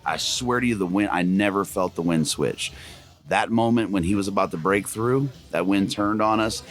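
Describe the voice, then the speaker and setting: A man chatting casually, an excitable storyteller who laughs often. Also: fairly low pitch, moderate pace. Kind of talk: casual hunting chat.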